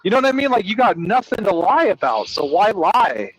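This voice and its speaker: A man hosting a casual podcast chat, talking in an animated, rambling, profane way. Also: high-pitched, brisk, breathy edge, no room sound, low-quality recording. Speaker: host.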